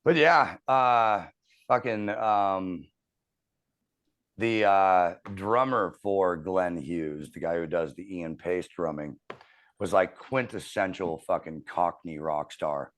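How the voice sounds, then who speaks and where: A man in his thirties telling a profane, animated story as a podcast host in casual chat. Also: low-pitched, slow.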